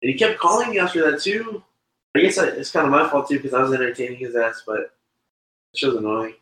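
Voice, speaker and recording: A man's voice: medium pitch, fast talker, bright, forceful tone, roomy sound, rough recording. A young man telling a loose, swearing story in casual chat with friends. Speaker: podcast co-host.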